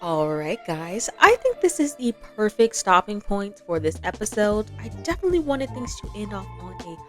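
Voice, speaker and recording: A woman's voice: medium pitch, sing-song, normal speed, soft background music. A young woman giving casual commentary over a life-simulation game, chatty and laughing often as she voices the characters' lines. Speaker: gameplay commentator.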